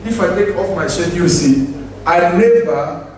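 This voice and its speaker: A pastor delivering a sermon in a high voice, with emphatic and repetitive phrasing in non-standard English. He keeps drawing answers from the congregation. The recording is heavily echoey, with his voice heard from some distance off the mic. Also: lively intonation, measured pace, slight background noise. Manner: asks the congregation for responses.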